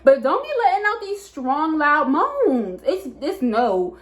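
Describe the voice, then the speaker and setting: A woman in her twenties, a hairstylist, telling a casual storytime vlog in a chatty, animated way with lots of fillers. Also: high-pitched, slow. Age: 20s. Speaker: hairstylist and vlogger. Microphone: camera mic.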